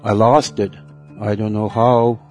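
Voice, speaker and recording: A middle-aged man telling his personal faith testimony in a halting way, repeating words and letting phrases trail off. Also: lowish voice, little pitch movement. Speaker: testimony speaker. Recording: soft guitar music behind.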